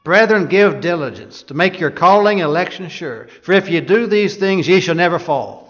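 Lo-fi preacher, man with a higher voice. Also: lively intonation, moderate pace, fairly bright tone. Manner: rhetorical questions, reads scripture aloud. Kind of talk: sermon. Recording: dull lo-fi sound.

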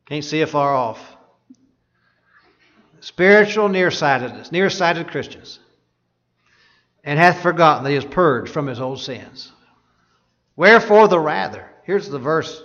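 A man's voice: fairly high pitch, a bit bright. A man preaching a sermon, reading scripture aloud and asking his listeners rhetorical questions. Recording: dull lo-fi sound.

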